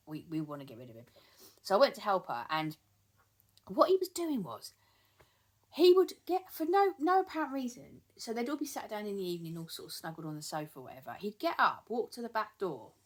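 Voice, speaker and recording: Woman, dog trainer, lowish voice, rambling chatty delivery with ums. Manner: chatty, repeats words, many ums. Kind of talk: casual talking-to-camera advice.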